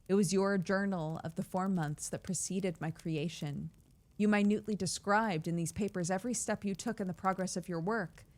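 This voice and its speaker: A woman streamer reading a classic novel aloud on a livestream, measured in the reading and giggly in her asides. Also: fairly low pitch.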